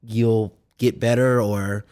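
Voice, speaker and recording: A man's voice: on the low side, little pitch movement, takes it slowly, mellow, clean tone. A man, a band musician, talking casually as a guest in an interview, loose and full of fillers. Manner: laid-back, filler-heavy, laughs often.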